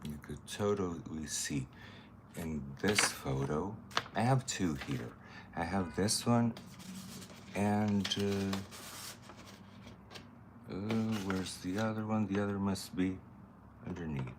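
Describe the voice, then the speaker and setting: A man's voice: low-pitched, slow pace, pauses often, background noise. A man chatting casually while doing a makeup tutorial, thinking aloud as he works and greeting viewers. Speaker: makeup artist.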